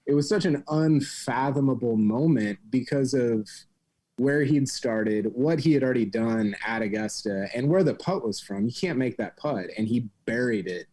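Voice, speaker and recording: A man's voice: medium pitch, mellow. A man co-hosting a golf podcast, talking in a rambling, hesitant way with many fillers. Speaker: podcast co-host. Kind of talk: casual podcast chat.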